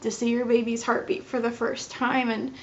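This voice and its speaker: A young woman in her twenties telling a personal story to the camera in a casual vlog, animated and giggly, acting out the dialogue. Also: fairly high pitch, moderate pace, a little hiss or hum. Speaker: vlogger. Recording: slightly dull lo-fi audio.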